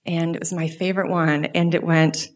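Animated woman telling a personal story. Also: low-pitched, moderate pace. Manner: animated storytelling, dips into soft whispers. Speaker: guest speaker. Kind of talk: personal story in a church message.

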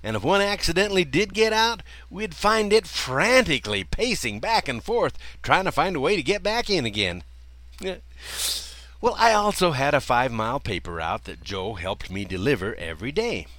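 A man's voice: moderate pace, no echo. Folksy older man telling a story. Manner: folksy, chuckling often, lively swings in pitch. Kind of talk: personal story narration.

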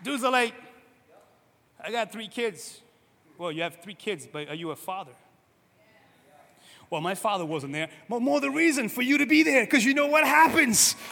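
A male pastor from Cape Verde, preaching in a lively, conversational way and often asking "right?", swinging between loud and soft. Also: very high-pitched, normal speed, gravelly, big-room sound, a little hiss or hum. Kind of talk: sermon.

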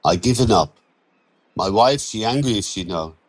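A man reads as a worn-out Romanian laborer, a migrant far from home. He speaks broken English slowly and haltingly, with a Romanian accent and a low, sad weariness. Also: expressive.

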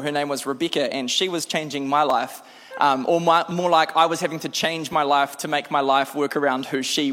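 A man with a New Zealand accent preaching a sermon as a lively, self-deprecating storyteller. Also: a little high. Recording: long hall reverb.

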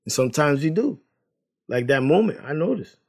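A man's voice: on the high side, very animated, moderate pace. A man casually sharing a personal faith testimony, rambling, repeating words and laughing as he tells it.

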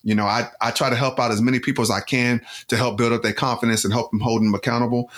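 A man's voice: mid-range voice, level tone, fast, fairly bright tone. A man who co-hosts a podcast and works as a life coach, talking earnestly and from the heart in a casual chat, with lots of filler words.

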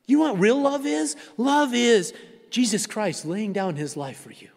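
Pastor, male, high voice, rhythmic sermon delivery that drops to hushed tones, long church reverb. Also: very animated, measured pace, creaky. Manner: repetitive preaching cadence, sinks to hushed, near-whispered close. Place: church sanctuary.

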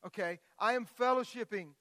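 A middle-aged man preaching a sermon as a pastor, moving from quiet scripture reading into loud, impassioned outbursts. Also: high voice, moderate pace, no echo.

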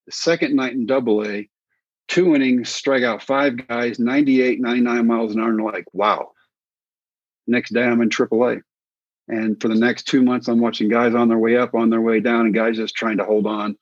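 A middle-aged man from Texas, a former pitcher, telling lively anecdotes as an interview guest and acting out quoted voices. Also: fairly quick, dry recording. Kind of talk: casual storytelling. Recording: slightly dull dry sound.

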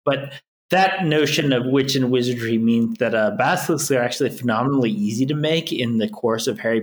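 Tipsy, rambling podcast co-host man. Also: mid-range voice. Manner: rambling, profane, laughs often. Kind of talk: casual chat.

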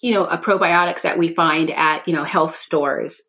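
A woman's voice: low-pitched, steady tone, normal speed, sharp tone. A woman co-hosting a podcast, chatting casually and thinking aloud in long, rambling sentences. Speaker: podcast co-host. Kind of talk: casual chat.

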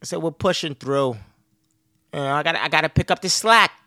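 A man's voice: a little high, brisk, bright, forceful tone, no room sound, studio quality. A man in his thirties hosting a podcast, rambling casually and profanely about family life, laughing often. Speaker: podcast host.

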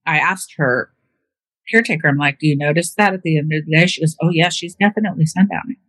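A woman with a slightly husky voice tells stories about caring for her mother in a loose, conversational way. She acts out the voices of the people she quotes, and the recording is close and dry. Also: sits low, quick pace, fairly bright tone, no room sound. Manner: chatty storytelling, acting out quoted voices. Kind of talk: casual conversation.

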